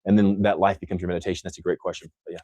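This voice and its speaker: Man, young, from Texas, mixed accent, livestream host, rambling with fillers, low voice. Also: flat delivery, racing, mellow, no echo. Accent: own mixed accent, not Texan. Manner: loose, rambling, many fillers and restarts. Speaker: livestream host answering viewer questions. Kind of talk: casual live Q&A.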